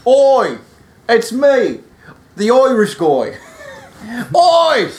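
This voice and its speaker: A man putting on a rowdy British bloke, shouting mockingly and laughing away from the mic. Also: extremely high pitch, wildly swooping pitch, extremely slow, pitched above the performer's own voice, full character voice. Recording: roomy echo, off-mic.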